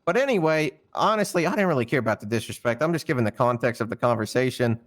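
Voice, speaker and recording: A man's voice: mid-range voice, expressive, fast talker. A man in a roleplay stream, heatedly telling the story of why he fired someone. He rambles, stammers and swears often. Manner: fired-up and indignant. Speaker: roleplayer explaining a firing.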